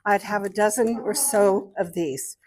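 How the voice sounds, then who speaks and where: An older woman and guest artist speaking to an art club, telling lively stories and showing objects as she talks. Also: medium pitch, unhurried. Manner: lively storyteller, showing objects while talking. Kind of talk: storytelling talk to an art club.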